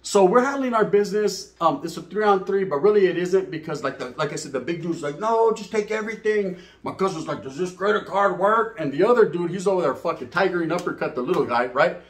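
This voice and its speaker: A man's voice: on the high side, quick pace, hardly any pauses. A middle-aged man telling a profane, streetwise story to camera as a channel host, mixing in Spanish slang and asking "right?" often. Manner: says "right?" and "you know what I mean?" often. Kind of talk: casual storytelling monologue.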